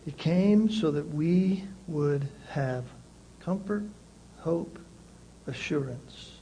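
A male pastor preaching a sermon, emphatic and repeating key phrases, with swings between loud passages and quiet ones. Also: on the high side, lively intonation, extremely slow, a little hiss or hum, rough recording.

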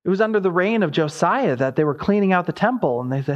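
A man's voice: sits high, lively intonation, fast, few pauses, highs cut off. A man preaching an expository sermon, his voice rising sharply as he voices the prophet's cries.

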